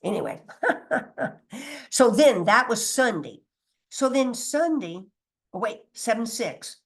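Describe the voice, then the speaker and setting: A woman leads an informal spiritual teaching in a loose, conversational way. She is emphatic, laughs often, drops the odd mild curse, and pauses to check her notes at a middling pitch. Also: fairly bright tone. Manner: loses her place and restarts, reads from notes.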